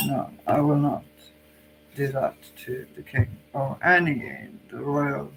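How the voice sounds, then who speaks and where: A man's voice: mid-range voice, slow pace, gravelly, slight background noise, rough recording. A Norwegian man with a cold, speaking English as a second language, who muses hesitantly and thinks aloud while giving a tarot card reading. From Norway. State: has a cold. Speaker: psychic channel host.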